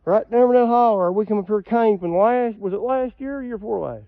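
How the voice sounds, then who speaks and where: On a ridge trail outdoors, an outdoorsman shows off his hunting land, telling rambling, folksy stories to the camera and laughing at his own jokes. His voice is high-pitched and brisk, and the audio is narrow and tinny with no room sound.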